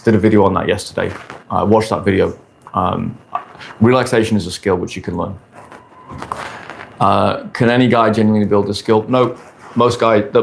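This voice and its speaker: A man's voice: on the low side, vocal fry, a little hiss or hum. A man in his forties answering questions on a casual live stream, talking bluntly and crudely, often repeating his points. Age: 40s. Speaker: dating coach streamer. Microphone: phone or camera on a stand.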